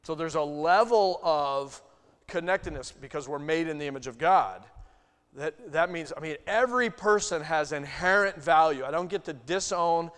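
A male pastor preaching a sermon, swinging from loud bursts to hushed asides. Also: fairly high pitch, moderate pace, clear, resonant tone. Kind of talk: sermon teaching. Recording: long hall reverb.

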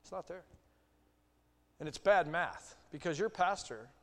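A man preaching a sermon as a Baptist pastor, telling stories in a relaxed, conversational way and acting out quoted voices. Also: on the high side, measured pace. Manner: conversational storytelling, animated acted quotes. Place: church sanctuary. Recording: long reverb of a church hall.

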